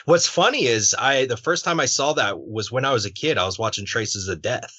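A man hosting a podcast interview in a relaxed, conversational way, swearing now and then. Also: mid-range voice, brisk, hardly any pauses, husky, no echo. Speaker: podcast host. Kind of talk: casual interview chat. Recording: dull muffled podcast audio.

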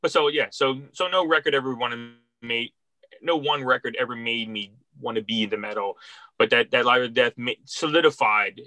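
A man's voice: mid-range voice, bright, forceful tone, dry recording. A middle-aged man from Philadelphia, a record store worker, tells stories in a rambling, heartfelt way with many restarts. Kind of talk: casual interview storytelling.

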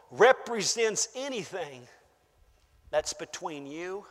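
A man preaching a sermon to his congregation, emphatic, rising to shouts and dropping to hushed asides, calling out to the room. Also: extremely high pitch, expressive, moderate pace. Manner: calls out to the congregation. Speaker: pastor. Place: church. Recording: long church-hall reverb.

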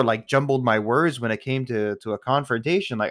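A man talks straight into his podcast mic in a loose, profane rant. His delivery is exasperated and rambling, full of restarts and asides. His voice sits at an everyday middle pitch for a man. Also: fast, hardly any pauses, a bit bright. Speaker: podcast host. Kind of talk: casual ranting monologue.

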